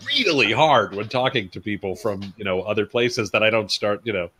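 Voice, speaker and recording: Guy co-hosting, lowish voice but bright and forceful, chatty and laughs a lot. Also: lively intonation, moderate pace, a little hiss or hum. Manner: talkative, storytelling, laughs easily. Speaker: co-host. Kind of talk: casual chat.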